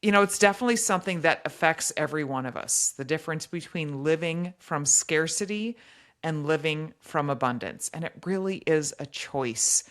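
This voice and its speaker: A woman's voice: low voice, normal speed. A woman co-hosting a faith podcast, leading the conversation in an enthusiastic, chatty way. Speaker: podcast co-host.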